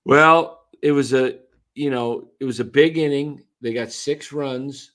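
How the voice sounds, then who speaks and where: A man's voice: medium pitch, measured pace, fairly bright tone. A man co-hosting a casual postgame talk stream, rambling and restarting his sentences often. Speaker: podcast co-host. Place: attended the game in a ballpark, now talking on a stream.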